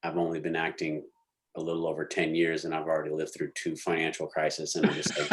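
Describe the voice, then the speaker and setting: Deep-voiced man telling animated stories. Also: fast talker, background noise. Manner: animated storyteller, slangy, acts out quotes. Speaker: actor guest. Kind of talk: casual interview storytelling.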